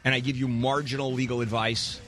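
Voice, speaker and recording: A man's voice: mid-range voice, flat delivery, brisk, a bit bright, soft background music. A man hosting a call-in legal advice radio show, brash and teasing, giving callers blunt advice with wisecracks.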